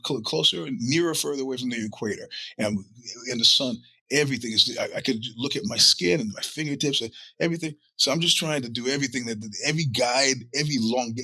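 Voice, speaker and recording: A middle-aged man hosts his own show while sick with a cold. His voice is husky but bright and cutting. He tells rambling, profane stories in a dry, close recording. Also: mid-range voice, dry recording. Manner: rambling, profane storytelling with acted-out quotes. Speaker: podcast host. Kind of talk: casual monologue.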